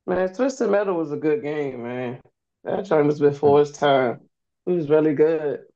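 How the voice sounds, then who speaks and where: A woman's voice: low voice, dark tone, highs cut off. Easygoing slangy young woman guest. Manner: easygoing, slangy, quick to laugh. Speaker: podcast guest. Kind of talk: casual chat.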